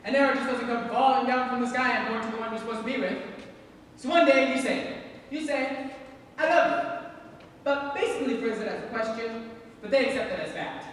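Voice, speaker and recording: A man's voice: very high voice, fairly quick, fairly bright tone, slight background noise. A young man playing a lonely, wistful middle-aged theatre fan who confides in the audience on a school stage. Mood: confiding. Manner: confiding, chatty asides to the audience. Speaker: stage actor. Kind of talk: school stage musical performance. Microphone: distant room mic. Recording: echoey hall from far off.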